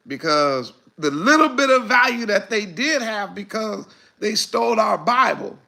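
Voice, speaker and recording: Fiery male preacher, high gravelly voice, emphatic and repetitive, drops to a mutter then shouts. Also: expressive, a little slow. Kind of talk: fiery sermon.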